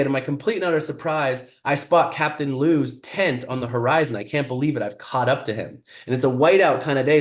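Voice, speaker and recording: A man, a guest speaker, telling a motivational story in an animated, vivid way. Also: mid-range voice, roomy sound.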